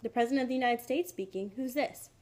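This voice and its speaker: A woman doing a brisk, self-important president. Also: on the high side, darkish tone, natural voice. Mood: brusque. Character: blustery busy male president, gruff.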